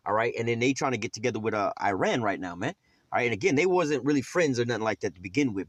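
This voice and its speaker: Fast-talking man in rough scripture teaching. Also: mid-range voice, lively intonation, no echo. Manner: streetwise, profane, rambling with many fillers.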